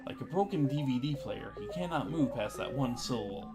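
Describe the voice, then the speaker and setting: A man's voice: mid-range voice, expressive, a little fast. A man streaming, reading a visual novel aloud with dry joking asides, with music behind.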